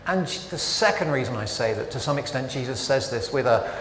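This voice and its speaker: Brisk and medium-pitched, a man preaches a conversational sermon in a church with long, echoing reverb and slight background noise. He often cuts himself off and leans on animated rhetorical questions.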